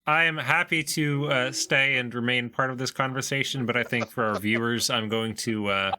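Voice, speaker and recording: A man's voice: medium pitch, steady tone, moderate pace, bright, forceful tone, a little hiss or hum. A man in a casual chat, wrapping up a game stream with wry remarks.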